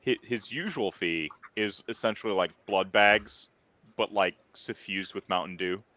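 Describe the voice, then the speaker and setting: A man's voice: fairly low pitch, unhurried, pushed and bright, dry recording. A man narrating a tabletop game as game master in a loose, joking way.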